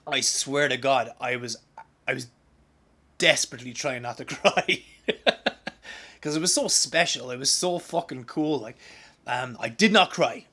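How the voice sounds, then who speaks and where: A young man from Ireland hosting a podcast, talking in an excitable, profane, rambling way with many restarts. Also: medium pitch, measured pace, pauses often, breathy edge. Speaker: podcast host. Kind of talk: casual podcast monologue.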